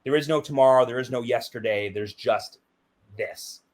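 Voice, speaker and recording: A man's voice: medium pitch, moderate pace. A middle-aged man giving an interview, talking intensely and emphatically, often checking in with "right?". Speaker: interview guest, BASE jumper. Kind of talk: reflective interview talk.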